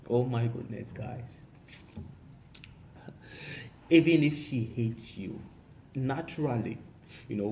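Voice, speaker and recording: A man's voice: on the low side, mellow, a little hiss or hum. A man giving relationship advice in a casual monologue, repeating himself and saying "you know" constantly. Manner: repetitive, frequent "you know" fillers.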